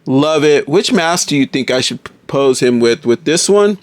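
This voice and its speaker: A man's voice: a little high, lively intonation, normal speed, no room sound. A man casually reviewing a toy figure, enthusiastic and often calling viewers folks.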